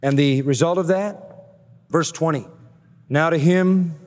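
A man preaching an expository sermon, building emphatic repeated phrases and slowing down to stress key words. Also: a little high, darkish tone, big-room sound. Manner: emphatic, repetitive cadences with slow stressed phrases. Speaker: pastor.

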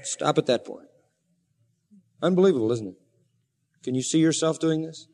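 A man's voice: fairly high pitch, expressive, moderate pace, creaky, long pauses, darkish tone, long reverb tail. A man preaching a sermon as pastor, earnest and rising to fervent emphasis.

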